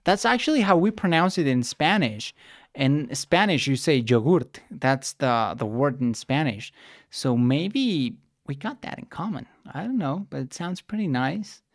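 A young man from Mexico chatting casually as he reacts to a video, excitable and quick to interject. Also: a little high, dry recording, clean studio sound.

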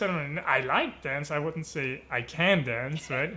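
A man's voice: fairly high pitch, normal speed. A young man from Germany, a guest in a casual interview, telling stories animatedly. He acts out quoted dialogue and keeps adding "you know" and "right". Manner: animated storyteller who acts out quoted dialogue with lively voice shifts. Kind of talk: casual storytelling conversation.

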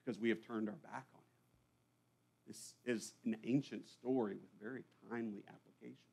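A man's voice: lowish voice, gravelly, darkish tone. A man preaching a sermon to a church congregation, conversational and full of rhetorical questions. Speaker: pastor. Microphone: live church recording.

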